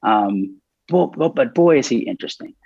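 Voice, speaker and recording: His mid-range voice is gravelly with a breathy edge, captured with no room sound and dull audio. He admits to being a bit nervous while telling a story in a casual interview, stopping and restarting frequently but acting out quoted dialogue with animation.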